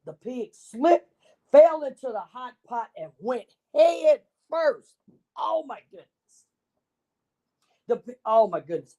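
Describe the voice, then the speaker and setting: A woman reading a children's bedtime story in an expressive, animated way. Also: high-pitched, slow pace.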